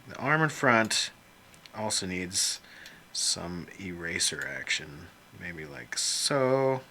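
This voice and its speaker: A man's voice: deep voice, lively intonation, slow, pushed and bright, a little hiss or hum. A man casually narrating as he draws characters on a computer, rambling and joking to himself with some mild swearing. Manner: rambling, jokey self-talk with mild swearing. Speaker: illustrator drawing on screen. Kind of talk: casual commentary while drawing.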